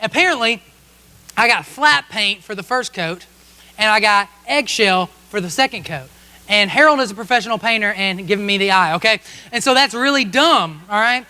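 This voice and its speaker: A man's voice: sits high, lively intonation, moderate pace, sharp tone. A man preaching a sermon as a pastor, telling a humorous story about himself and often checking in with the congregation with "okay?". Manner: humorous, self-mocking storytelling with frequent "okay?" asides to the congregation. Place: church service.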